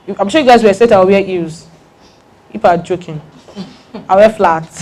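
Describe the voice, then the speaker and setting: A woman giving a lively branding talk to an audience, repeating her key points with emphasis. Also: a little high, brisk.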